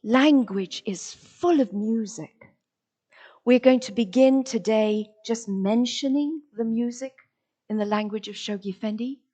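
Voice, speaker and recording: A woman's voice: a little high, unhurried, highs cut off. A woman giving a lecture, stressing the rhythm of words and asking her listeners rhetorical questions. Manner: expressive, sounding out rhythm of words. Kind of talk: lecture with dramatic read-aloud passages.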